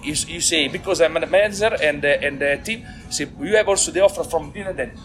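An Italian man with a somewhat high voice giving a post-race interview in broken English. He keeps restarting his phrases and slips into Italian, with a lot of laughter between them. Music plays clearly in the background. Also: fairly quick. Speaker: team manager.

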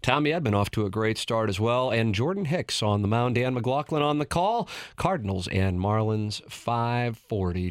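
A male sports radio host with a mid-range voice. He speaks in quick, chatty banter with his guest. His studio sound is close and dry. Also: mid-range voice, smooth, no echo. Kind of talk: casual sports radio talk.

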